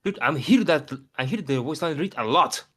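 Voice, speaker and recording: A man's voice: fairly high pitch, lively intonation, moderate pace, a bit bright. A man joining a casual chat as a guest, joking and teasing, mock-quoting lines in a playful way. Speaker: podcast guest.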